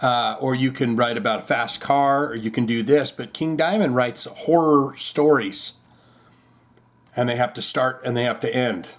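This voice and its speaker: A man's voice: medium pitch, steady tone, normal speed. A man hosting a rock and metal news podcast, chatting casually and rambling with lots of fillers and restarts. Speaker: podcast host.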